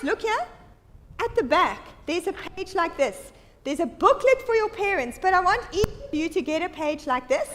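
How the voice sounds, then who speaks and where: A woman giving an animated children's Bible talk in a church, leading the children in call-and-response storytelling. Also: high voice. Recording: echoey church hall.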